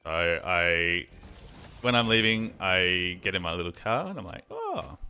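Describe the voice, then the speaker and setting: A man's voice: low-pitched, animated, a little slow, bright, forceful tone, clear, resonant tone. A young man streaming a game, chatting casually and telling a rambling story with lots of fillers and swearing. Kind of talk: casual chat while gaming.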